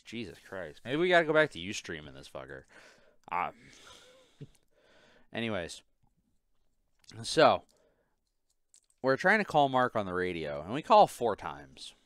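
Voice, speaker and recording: A man's voice: lowish voice, wildly swooping pitch, measured pace, pauses often, fairly bright tone, no echo, clean studio sound. Swearing man telling a work story. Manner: profane, exasperated storyteller. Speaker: podcast host. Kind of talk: casual chat.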